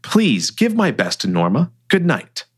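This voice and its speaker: A man's voice: medium pitch, wildly swooping pitch, unhurried, slightly rough, full character voice. A man voicing a stressed, defensive male financial advisor who turns sarcastic under strain. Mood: hurt and bitter.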